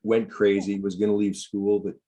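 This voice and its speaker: A man sharing in an earnest, halting way, often repeating himself. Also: fairly low pitch, flat delivery, mellow. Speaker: participant. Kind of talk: casual personal sharing.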